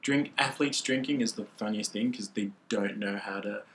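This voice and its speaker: A man's voice: fairly low pitch, moderate pace, a bit bright, slight background noise. A young man talking as a guest in casual chat, laid-back and rambling, filling his talk with "like". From Australia. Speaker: guest athlete.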